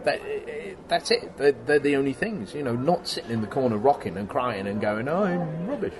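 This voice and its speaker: A middle-aged man in a casual interview, telling stories about his workshop in an animated way and acting out the exchanges he quotes, laughing often. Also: mid-range voice, brisk, a crowd in the background. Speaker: guest, special effects workshop owner.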